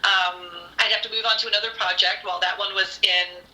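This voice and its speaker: A woman's voice: mid-range voice, fairly quick, reverberant, rough recording. A woman host chatting casually, telling her stories with gushing enthusiasm and plenty of fillers. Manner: gushing, animated storyteller with many fillers. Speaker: podcast host and screenwriter. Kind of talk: casual storytelling chat.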